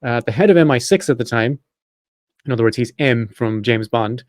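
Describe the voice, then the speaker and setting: A man hosting a podcast, reading a prepared script quickly with chatty asides and self-corrections. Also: medium pitch, dry recording, clean studio sound. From Ireland. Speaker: podcast host.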